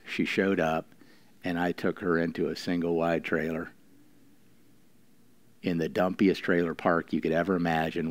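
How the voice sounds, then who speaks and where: Male pastor, low voice, preaching in church; emphatic, swings from quiet to raised. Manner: preaching with slowed emphatic lines and sudden quiet drops. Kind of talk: sermon.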